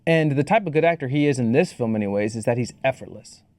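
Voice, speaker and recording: A man co-hosts a podcast in a loose, joking voice, with a pitch in the middle range for a man. The recording is dry and close, with no room sound. He keeps breaking off his thoughts with laughs and asides. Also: animated, quick pace, darkish tone, no echo. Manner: laughing, jokey, trails off. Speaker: podcast co-host. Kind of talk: casual film discussion.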